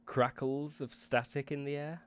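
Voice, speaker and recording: A man narrating scenes as game master of a tabletop role-playing game in a relaxed way. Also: medium pitch, a little slow, slight background noise.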